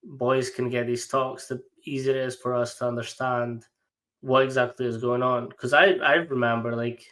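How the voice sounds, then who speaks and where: A man's voice: mid-range voice, little pitch movement, moderate pace, fairly bright tone. A man hosting a podcast in casual conversation, speaking hesitantly with restarts. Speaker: podcast host.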